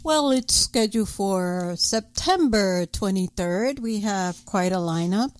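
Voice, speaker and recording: A woman with a New York accent co-hosting an oldies radio show in relaxed casual chat. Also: mid-range voice, takes it slowly, dry recording. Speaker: radio co-host.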